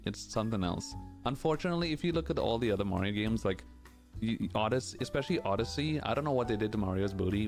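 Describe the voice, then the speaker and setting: A man's voice: lowish voice, darkish tone. A man streaming and answering chat questions in casual, rambling chat, candid and full of "like" and "you know".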